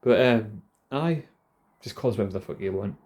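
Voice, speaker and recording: A man's voice: on the low side, expressive, fairly quick, a little mellow. A man in his thirties with a Geordie accent, rambling casually and self-deprecatingly to camera, swearing a lot. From North East England. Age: 30s. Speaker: vlogger.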